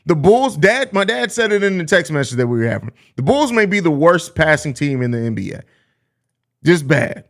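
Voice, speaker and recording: Male podcast host, casual and profane, snaps back at chat with sarcasm; voice sits a bit high. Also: moderate pace. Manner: blunt, profane, sarcastic, animated. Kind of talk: casual live-stream sports talk.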